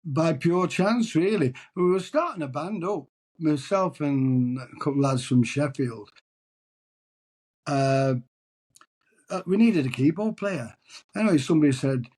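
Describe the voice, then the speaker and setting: A husky, fairly high-voiced man tells stories in an easy, chatty way. He answers interview questions as a tribute singer and often trips over and repeats his words. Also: darkish tone.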